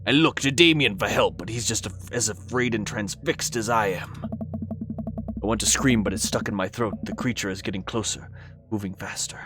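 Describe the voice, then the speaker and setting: A man's voice: fairly low pitch, moderate pace. Man reading a dating game over music. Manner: playful, fond, chatty with his dog. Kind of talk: reading a dating game aloud on a live stream. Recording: game music playing behind.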